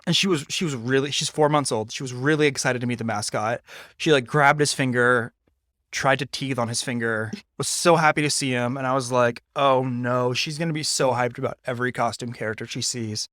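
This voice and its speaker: A man's voice: medium pitch, a little fast, a bit bright, dry recording, clean studio sound. A man in his thirties co-hosting a casual podcast, teasing in a playful way and often restarting his sentences. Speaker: podcast co-host. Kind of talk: casual chat.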